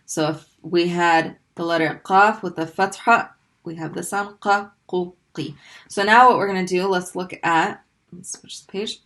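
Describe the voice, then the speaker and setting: Woman, lower voice, patient language teacher, repeats sounds slowly. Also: fairly even intonation, a bit bright. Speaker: Arabic teacher. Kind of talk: recorded language lesson.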